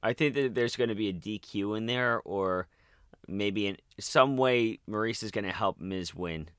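A man co-hosting a casual podcast who hesitates and thinks out loud before his picks. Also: on the low side, moderate pace, smooth, dry recording, clean studio sound. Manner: hesitant, thinks aloud with ums and sighs. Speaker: podcast co-host. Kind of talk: casual wrestling podcast chat.

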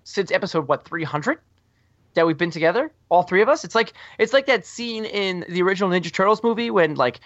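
A slightly high-voiced man hosts a podcast, rambling from one joke to the next with plenty of ums and uhs. The recording is dry and a bit dull, like a lo-fi home setup. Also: expressive, brisk, fairly bright tone, dry recording. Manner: rambling and jokey, with many fillers. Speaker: podcast host. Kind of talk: casual chat.

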